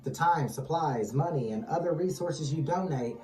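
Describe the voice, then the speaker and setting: A tarot channel host leading a reading, calm and steady, repeatedly calling on guides, angels and ancestors. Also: medium pitch, moderate pace. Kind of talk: tarot reading, casual chat. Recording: echoey distant mic with music underneath.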